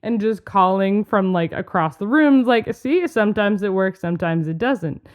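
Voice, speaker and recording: A woman co-hosting a podcast, telling a teaching story in animated casual chat and laughing often. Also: mid-range voice, normal speed, smooth. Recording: dull lo-fi podcast audio.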